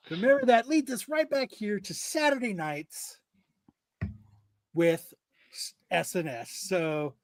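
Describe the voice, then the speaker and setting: High-voiced laughing podcast host. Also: male voice, animated, slow pace, pauses often, no room sound. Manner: laughs often, wraps up the show. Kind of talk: casual chat.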